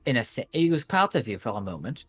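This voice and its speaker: A man voicing a grand, theatrical female sorceress who calls everyone child and dearie, with a put-on accent and drawn-out words. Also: medium pitch, very animated, slightly rough, soft background music. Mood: intrigued.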